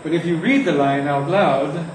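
A man teaching how to read verse aloud, reciting lines slowly and with heavy emphasis, recorded from far off in an echoey room. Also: a little high, slight background noise. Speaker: poetry teacher. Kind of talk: lecture on reading verse aloud.

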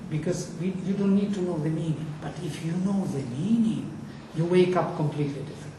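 A man whose voice is on the high side lectures as a Sanskrit teacher, chanting Vedic verses slowly and with passion. Faint noise, echo, and a distant mic mark the recording.

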